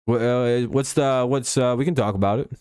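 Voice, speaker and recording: A man holding a casual live-stream chat, rambling from topic to topic with profanity and small chuckles. His voice sits at a middling pitch. The sound is close and dry. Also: moderate pace, darkish tone, dry recording. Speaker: stream host.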